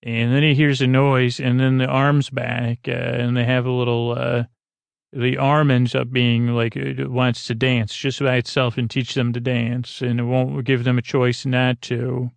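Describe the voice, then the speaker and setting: A man recapping a TV episode in a halting, rambling way, full of fillers and restarts, speaking softly. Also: medium pitch, little pitch movement, gravelly, smooth, no echo. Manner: halting, many fillers and restarts, paraphrasing dialogue. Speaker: podcast host.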